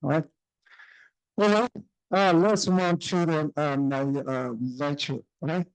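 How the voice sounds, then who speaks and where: A man's voice: on the high side, fairly even intonation, a little slow, smooth, no echo, poor audio. A male professor from China lecturing in English, hesitant with many fillers, often checking in with the audience. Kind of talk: university lecture. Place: lecture room.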